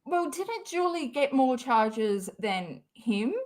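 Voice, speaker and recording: A woman's voice: sits high, sing-song, slow pace, a little mellow. A young adult woman, chatting casually on a livestream, rambling, swearing often and laughing a lot. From Western Australia. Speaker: livestream host.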